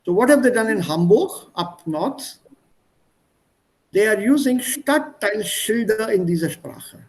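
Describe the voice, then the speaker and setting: Teaching German in an online class, a man with an Indian accent explains vocabulary by listing English synonyms. His high voice is animated yet unhurried, and the video-call audio is poor.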